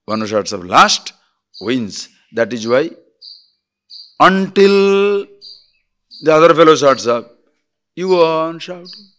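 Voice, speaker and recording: A man's voice: fairly high pitch, slow, long pauses. A man giving a spiritual discourse as a teacher, telling stories and acting out quarrels. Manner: animated storytelling, acts out quarrels.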